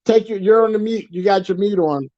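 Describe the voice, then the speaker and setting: A man's voice: high-pitched, fairly quick, darkish tone, no echo, dull audio. A man speaking as a guest on an online panel chat, blunt and emphatic, repeating points for force.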